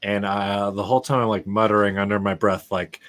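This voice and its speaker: A man's voice: lowish voice, little pitch movement, brisk, hardly any pauses, fairly bright tone. A man playing a tabletop game, talking hesitantly and a little self-amused. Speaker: player. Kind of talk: tabletop role-play.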